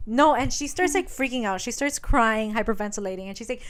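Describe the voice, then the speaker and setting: A woman's voice: fairly high pitch, fairly quick, hardly any pauses. A woman co-hosting a podcast, animatedly retelling a book's plot in casual chat, swearing and acting out the characters' lines. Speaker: podcast co-host. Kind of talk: casual chat recapping a book.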